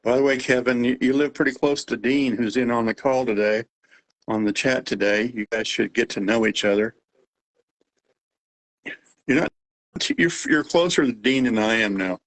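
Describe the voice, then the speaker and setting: A man's voice: mid-range voice, normal speed, pauses often, rough recording. A man with a Texas accent and a slightly nasal voice, hosting a casual live Q&A and rambling with fillers and restarts. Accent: Texan. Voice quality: a little nasal. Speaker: host of a live radio-monitoring Q&A.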